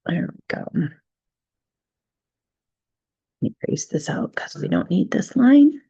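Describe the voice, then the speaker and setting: A woman leads a relaxed drawing tutorial in a low, mellow voice with a strong gravelly texture. She explains each stroke patiently and checks in often with the viewer. The recording is dry and a little dull, as if on a modest mic. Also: dry recording. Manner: gentle, unhurried, narrates each stroke with "right?" checks. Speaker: drawing instructor.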